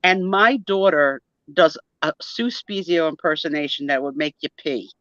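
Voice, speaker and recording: Speaking in a low, slightly bright voice at a moderate pace, a middle-aged New Jersey woman chats animatedly as a live-stream guest, laughing a lot. There's no echo, though the stream audio sounds dull and lo-fi.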